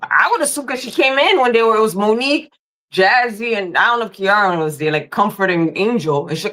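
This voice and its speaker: A woman's voice: medium pitch, lively intonation, fast, fairly bright tone. A woman co-hosting a live reality-TV recap in a matter-of-fact, conversational way. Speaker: podcast co-host.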